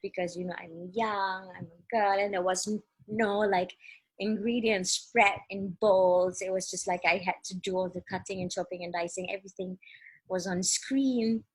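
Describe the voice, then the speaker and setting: A Malaysian woman in her thirties, a chef guest telling stories in a lively casual interview, laughing often and acting out quotes. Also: mid-range voice, normal speed, husky, low-quality recording. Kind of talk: casual radio interview storytelling.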